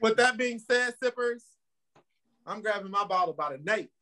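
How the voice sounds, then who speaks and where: An emphatic male podcast co-host who talks in a motivational, upbeat way and laughs easily. His voice sits a little higher than most men's. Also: expressive, normal speed, bright, forceful tone. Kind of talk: casual podcast chat.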